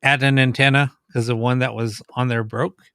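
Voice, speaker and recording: A man co-hosting a live podcast, speaking casually and haltingly with frequent ums. His voice sounds dry, with no room around it. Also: medium pitch, smooth, no echo. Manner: relaxed, hesitant, many ums. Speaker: podcast co-host.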